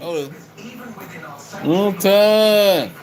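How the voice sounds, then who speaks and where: A man's voice: high-pitched, drawn-out words, crowd noise, rough recording. A young man livestreaming, chatting loosely with viewers, calling them by name, rambling and swearing a lot. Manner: rowdy, repetitive, swears a lot.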